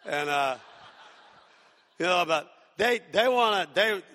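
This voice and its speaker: A man's voice: sits high, animated, slow, sharp tone, big-room sound. An Australian man in his sixties, a pastor preaching a sermon with humorous stories and mimicked whiny voices. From Tasmania, Australia. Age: 60s.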